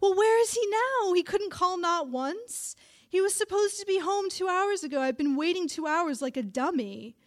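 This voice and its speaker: A woman's voice: sits high, lively intonation, moderate pace, hardly any pauses. A woman voicing an elderly immigrant grandmother who nags, scoffs and speaks in emphatic, ungrammatical English. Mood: frantic.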